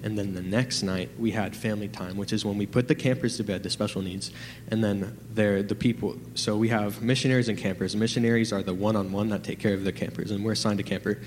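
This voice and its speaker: A man's voice: lowish voice, fast, long reverb tail, a little hiss or hum. Nervous young man telling a testimony. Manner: excited, rambling with many fillers. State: nervous, trembling. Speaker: testimony giver. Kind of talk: personal testimony in church.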